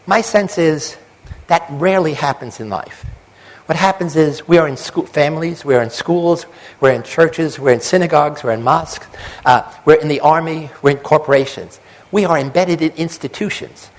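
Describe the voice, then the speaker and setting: A man's voice: a little high, low-quality recording. An older man, a psychologist, giving a public lecture with emphatic lists and acted-out quotes.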